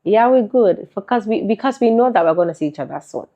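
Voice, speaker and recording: A woman's voice: medium pitch, lively intonation, fast talker, warm tone. A woman with a Nigerian accent chatting casually in an interview, laughing often. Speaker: interviewee, content creator. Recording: muffled lo-fi recording.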